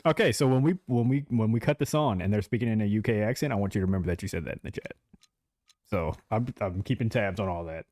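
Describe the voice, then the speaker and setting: A man's voice: lowish voice, fast talker, darkish tone, no echo, clean studio sound. A man streaming a game live, chatting casually and talking straight to his chat, laughing easily.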